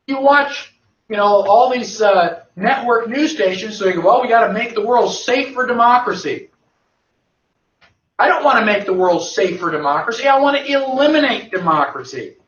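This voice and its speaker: A man lectures emphatically, answering his own rhetorical questions in a fairly high voice. The recording sounds dull and lo-fi, picked up from a distance in a reverberant room. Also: big pitch swings, normal speed, fairly bright tone. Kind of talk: lecture to a live audience.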